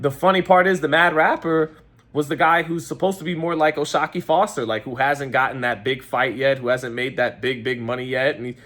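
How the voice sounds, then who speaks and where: Rambling New boxing commentator. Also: male voice, mid-range voice, a little fast, fairly bright tone. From New York. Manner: rambling, self-correcting. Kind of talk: casual fight-reaction commentary.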